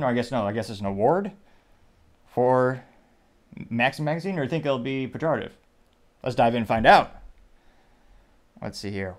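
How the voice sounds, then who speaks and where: A male host in casual commentary mode, reading posts and memes aloud to his viewers. His voice sits in an ordinary middle range, and he drifts into wry, rambling asides between the quotes. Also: medium pitch.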